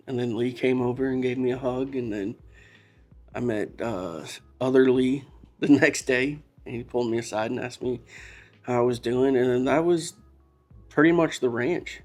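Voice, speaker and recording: A man's voice: medium pitch, steady tone, a little slow, pauses often, a little mellow, faint music behind. A man, possibly, telling a personal story in a candid, emotional way, rambling and restarting as he talks. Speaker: podcast guest. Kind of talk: casual storytelling.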